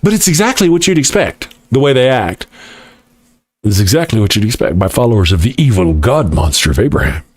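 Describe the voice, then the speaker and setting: A man's voice: mid-range voice, very animated, fairly quick, slightly rough, no room sound. A middle-aged man hosting a casual live talk show, reading viewer comments in a mocking, irreverent way and laughing often. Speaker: host of a live atheist morning show.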